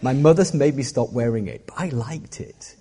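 A man's voice: mid-range voice, normal speed, warm tone. A middle-aged man preaching a sermon as a pastor, joking and self-deprecating as he talks. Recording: long hall reverb.

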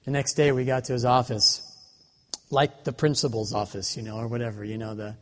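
A man in his forties preaching a sermon, telling a story in an animated, humorous way. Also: mid-range voice, fairly quick. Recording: long reverb of a large hall.

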